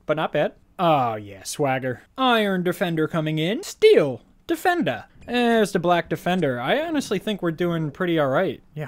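Goofy gamer guy talking over his gameplay, voice jumps all over, loud then muttering. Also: fairly high pitch. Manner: goofy, excitable, swings between shouts and mumbles. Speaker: gaming YouTuber. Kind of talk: casual gameplay commentary.

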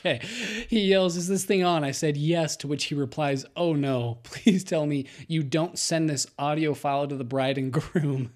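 A man's voice: a little high, moderate pace, hardly any pauses. A young man co-hosting a podcast, reading a listener's story aloud and chatting, laughing often as he talks. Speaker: podcast co-host.

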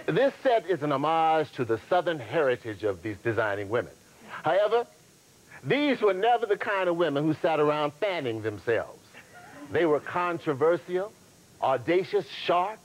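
A man's voice: high voice, a little hiss or hum, rough recording. A man hosting a reunion special, presenting in a polished, playful way. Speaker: host.

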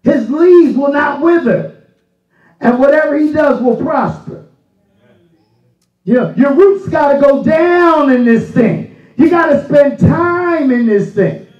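High-voiced pastor preaching in an echoey church. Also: male voice, lively intonation, takes it slowly. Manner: folksy preaching that rises into shouted emphasis. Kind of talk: sermon. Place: church sanctuary. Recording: echoey, distant, dull church recording.

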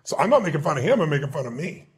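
Male guest speaker, fairly high pitch, gravelly rasp, animated interview storyteller. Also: racing. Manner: animated, emphatic storyteller who acts out quoted dialogue. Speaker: guest author and motivational speaker.

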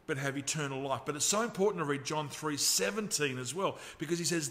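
Australian male pastor, slightly higher voice, earnest sermon delivery that slows on key lines. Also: fairly bright tone. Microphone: livestream camera mic.

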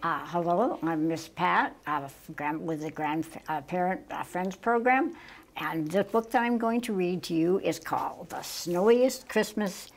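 An older woman slowly reading a children's picture book aloud, gentle and halting with small slips. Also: lowish voice. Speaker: storytime reader.

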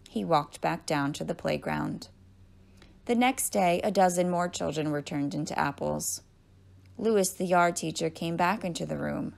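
A woman's voice: on the low side, moderate pace. A woman librarian reading a children's book aloud and then signing off to listeners. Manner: clear, storytelling read-aloud.

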